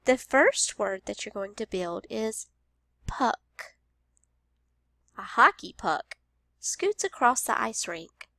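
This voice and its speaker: A woman teaching a phonics lesson to young children, speaking slowly and sounding out each word with care. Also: a little high, big pitch swings, creaky, a bit bright, no echo, studio quality. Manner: slow, careful, over-enunciated.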